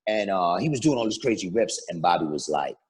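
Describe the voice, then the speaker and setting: Middle-aged male rapper, animated raconteur with a lively, swooping delivery. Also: sits low, a little fast, husky. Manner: lively, acts out quotes, hums beats and sings snippets. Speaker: interview guest, rapper. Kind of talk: animated storytelling in casual interview.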